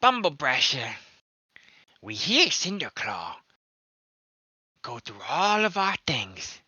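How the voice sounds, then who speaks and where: A man voicing an excitable male goblin who talks in choppy broken phrases. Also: slow, breathy edge, no room sound, highs cut off, exaggerated voice. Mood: complaining. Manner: choppy broken grammar, high squeaky bursts.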